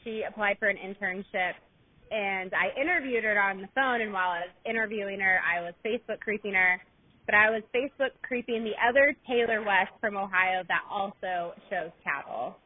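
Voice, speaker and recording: A woman's voice: medium pitch, brisk. A woman co-hosting a podcast, chatty and giggly, rambling through stories with her friend. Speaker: podcast co-host. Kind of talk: casual storytelling chat. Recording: tinny phone-like sound.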